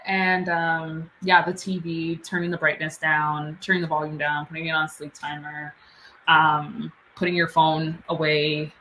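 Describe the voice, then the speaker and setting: A woman guest on a podcast with a notably low voice, talking in a relaxed, casual way full of fillers. A faint hiss of noise sits behind her. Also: low-quality recording. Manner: relaxed, filler-heavy chat. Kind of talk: casual interview chat.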